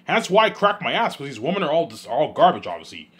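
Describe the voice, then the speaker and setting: A man talking alone in a rambling monologue, repeating himself and swinging between loud outbursts and low mumbles. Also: big pitch swings, fast talker, slightly rough. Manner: repetitive, keeps saying "you know what I'm saying". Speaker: host of his own listening series.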